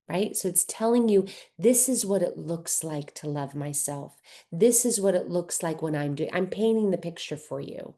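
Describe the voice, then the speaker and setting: A woman giving a slide presentation to caregivers in a folksy, conversational way, asking gentle coaching questions and often tagging on "right?". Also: on the low side, animated, normal speed. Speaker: workshop speaker for caregivers.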